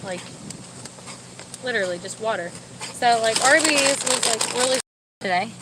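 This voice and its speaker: A young woman chatting casually from a parked car, rambling, talking in a high baby voice to her dogs between asides. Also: moderate pace, long pauses, very noisy. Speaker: vlogger with service dogs. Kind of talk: casual chat.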